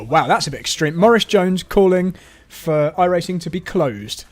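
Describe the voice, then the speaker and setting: A man's voice: high-pitched, expressive, moderate pace, few pauses, faint music behind. Man reading stream chat, wry. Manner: reads viewer comments aloud with wry asides. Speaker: live-stream host.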